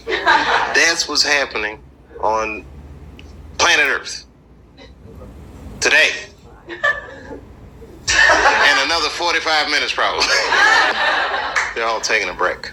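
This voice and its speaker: A man's voice: fairly high pitch, big pitch swings, slow pace, pauses often, heavy background noise. A man doing a stand-up routine, telling loose stories and chatting with the crowd. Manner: loose storytelling with crowd work. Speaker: stand-up comedian. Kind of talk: stand-up routine played in a reaction video.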